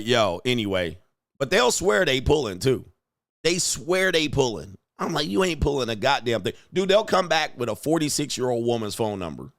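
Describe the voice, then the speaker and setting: A man's voice: a bit bright, no room sound, studio quality. Slangy, laughing male commentary host. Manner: laughing often, acting out pickup lines in a higher voice; casual slang-heavy storytelling. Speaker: show host. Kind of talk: casual commentary monologue.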